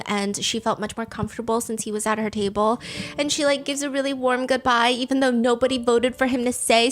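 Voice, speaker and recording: Animated woman recapping a story. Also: fairly high pitch. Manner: animated, expressive storytelling with acted-out quotes. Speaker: host. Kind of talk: storytime commentary.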